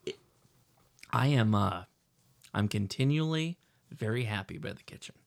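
A middle-aged man co-hosting a podcast, telling a rambling, animated story with lots of restarts. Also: lowish voice, normal speed, gravelly. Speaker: podcast co-host. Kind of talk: casual chat.

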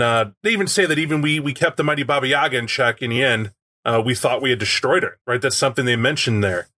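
A man's voice: medium pitch, bright, forceful tone. A man co-hosting a casual podcast chat, rambling with plenty of uh and um as he picks over themes. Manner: rambling, many fillers. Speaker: podcast co-host.

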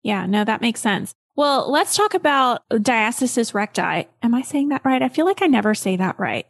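Higher-voiced woman hosting an interview. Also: very animated, moderate pace, dry recording. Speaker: podcast host. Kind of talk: casual interview chat.

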